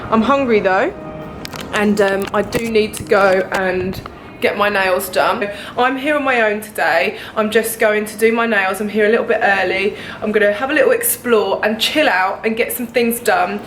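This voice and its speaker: A young woman vlogging to a handheld camera, gushing and excitable, often gasping and laughing. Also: mid-range voice, normal speed, faint music behind. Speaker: beauty vlogger. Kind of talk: casual vlog to camera. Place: hotel room and city streets.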